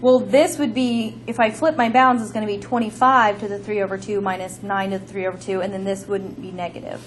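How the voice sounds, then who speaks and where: Casting: brisk woman math instructor walking a class through problems, light hiss. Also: medium pitch, steady tone, rough recording. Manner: explains step by step, brisk, thinks aloud. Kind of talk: classroom lecture.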